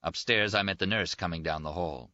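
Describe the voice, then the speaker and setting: A male audiobook narrator with a very low yet bright, forceful voice, reading a novel in a steady, measured way. The recording is dry, close and a little dull. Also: dry recording. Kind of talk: scripted literary narration.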